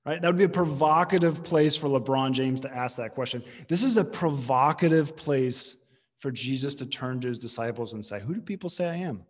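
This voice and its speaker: A man's voice: mid-range voice, moderate pace, big-room sound. A male pastor preaching a conversational, emphatic sermon, restarting phrases as he teaches.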